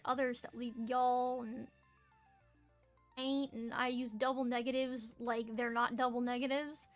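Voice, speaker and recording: A woman's voice: a little high, a bit bright. A woman with a Southern US accent, chatting casually on a stream as she draws, thinking aloud and explaining things to her chat.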